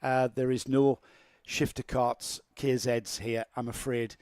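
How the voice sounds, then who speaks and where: A man's voice: medium pitch, flat delivery, a little slow, a little mellow, clear, resonant tone, no echo. A man commentating live on karting, chatting with his co-commentator and greeting viewers.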